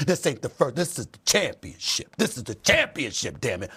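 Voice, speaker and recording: Fiery husky man hosting sports debate. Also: medium pitch, huge pitch swings, normal speed, few pauses, bright, forceful tone. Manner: fiery, emphatic, repeats phrases for effect. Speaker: host.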